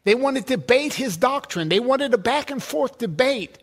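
Guy preaching a sermon, kinda husky, pretty high voice, emphatic, stacks up lists. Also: expressive, moderate pace. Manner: emphatic, repeats words and builds lists.

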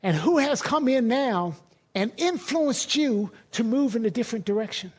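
Very high-voiced male pastor. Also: lively intonation, normal speed, a little mellow, slightly rough. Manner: conversational, emphatic preaching with personal stories. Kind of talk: sermon.

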